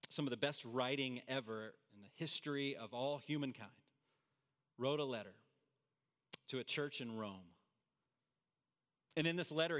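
A man's voice: medium pitch, bright, forceful tone. A man preaching a sermon to a room, earnest and emphatic, with casual asides. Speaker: pastor. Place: large room with audience. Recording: hall reverb.

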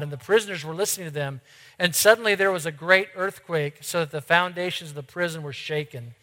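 A man preaching a sermon to his congregation, earnest, swinging between loud lines and hushed ones. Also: fairly high pitch, normal speed, in a large hall. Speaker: pastor.

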